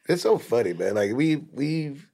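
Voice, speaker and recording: A man in his thirties hosting a casual podcast chat, laid-back but breaking into loud animated bursts. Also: mid-range voice, takes it slowly, gravelly. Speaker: podcast host.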